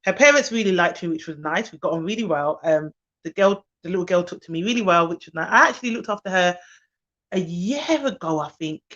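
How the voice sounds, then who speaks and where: A young woman who works as a nanny and childcare provider chats casually on a live stream, animated and laughing often. Her voice is on the low side and brisk, and the stream audio is dull and lo-fi.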